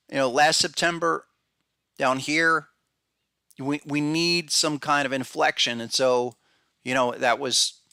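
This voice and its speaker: A man's voice: a little high, bright, forceful tone, clean tone, no room sound, studio quality. A man hosting a podcast, talking through charts in a rambling, casual way with many restarts and fillers, calling out viewers by name. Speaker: podcast host and trading analyst. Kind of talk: casual market analysis talk.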